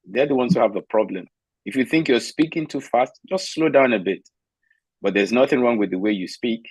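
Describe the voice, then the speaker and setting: A man's voice: mid-range voice, expressive, fairly quick, husky, no echo, poor audio. A man from Nigeria on a video call, telling stories from his own life and giving firm, candid advice. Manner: emphatic, candid storyteller, gives firm advice.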